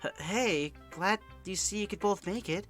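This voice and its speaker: Man doing a snappy scolding schoolgirl, high-pitched, sharp and tense, stuffy nose, visual novel game. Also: normal speed, soft background music. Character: prickly, hot-tempered teenage schoolgirl.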